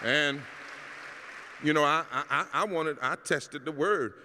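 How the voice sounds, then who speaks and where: A middle-aged man, a pastor giving a keynote address, preaching in a rousing cadence that climbs to shouts. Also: a little high, unhurried, a crowd in the background, noisy background. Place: large hall at a public celebration. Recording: long hall reverb.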